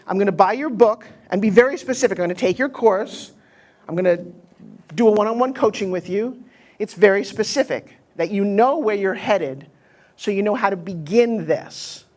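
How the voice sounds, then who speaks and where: A middle-aged American woman giving a live motivational seminar on pitching to an audience, blunt and punchy in delivery. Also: normal speed, darkish tone. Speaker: motivational speaker teaching pitching.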